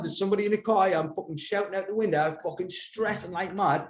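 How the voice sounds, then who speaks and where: A man's voice: high voice, fast talker, few pauses. Swearing man with a roomy echo. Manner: swearing, rambling storyteller. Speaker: podcast guest, fighter. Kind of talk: casual chat.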